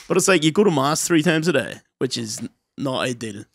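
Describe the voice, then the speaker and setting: A young man, co-hosting a comedy podcast in crude, laughing, quick banter. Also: medium pitch, lively intonation, gravelly, dry recording, clean studio sound. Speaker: podcast co-host. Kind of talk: casual comedy podcast chat.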